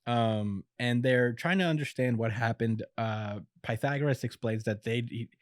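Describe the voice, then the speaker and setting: A man's voice: medium pitch, moderate pace, no room sound, clean studio sound. A man hosting a podcast, casually recapping an episode with chuckles and plenty of filler words. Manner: laid-back retelling with chuckles and filler words. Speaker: podcast host. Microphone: podcast mic.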